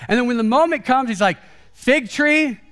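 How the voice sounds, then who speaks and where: Male guest preacher, high-pitched voice, casual and chatty delivery at a church service. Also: fast talker. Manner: casual and chatty, peppered with "like" and "kind of"; animated, acts out quoted speech with a raised voice. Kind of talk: conversational sermon.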